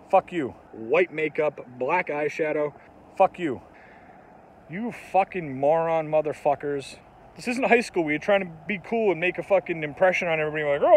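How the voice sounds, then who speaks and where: A man's voice: sits high, slight background noise. Angry swearing man ranting outdoors. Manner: angry, swearing constantly, mocking. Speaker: comedic ranter, channel host. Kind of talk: profane comedic rant.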